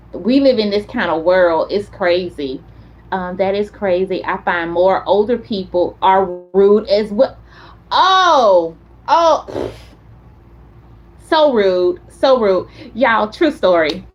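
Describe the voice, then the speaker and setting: A woman hosting a casual chat stream, telling animated stories and talking straight to her viewers. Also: mid-range voice, muffled recording. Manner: chatty, animated storyteller, talks straight to viewers. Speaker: content creator host.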